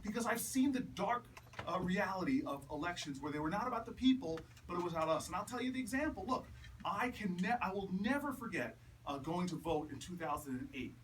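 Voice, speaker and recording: A man speaking to a crowd at a house party, telling stories in a stump speech that builds from measured to loud, with laughing punchlines. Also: high voice, animated. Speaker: politician speaking at a campaign event. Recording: distant mic with background noise.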